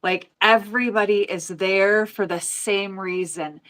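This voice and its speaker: Guest: woman, 40s, from the US, casual storyteller, average pitch, emotional. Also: steady tone, a little slow, a bit bright. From United States. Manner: emotional, storytelling with quoted voices. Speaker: guest nail educator. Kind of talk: casual chat.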